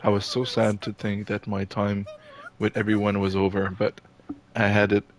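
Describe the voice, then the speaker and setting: A man's voice: on the low side, monotone, normal speed, close to an everyday voice. A man reading aloud the lines of a scared teenage schoolgirl in a horror game. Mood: frightened.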